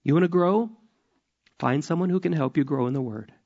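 A man preaching a sermon, emotional, moving between fervent emphasis and hushed whispers. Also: a little high, fairly quick. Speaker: pastor. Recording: muffled lo-fi sermon recording.

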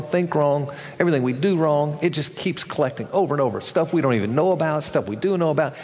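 A man's voice: darkish tone, big-room sound, dull audio. A male pastor preaching a sermon, acting out the people in a parable with changes of voice. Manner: acts out characters in a story, shifting pitch for each.

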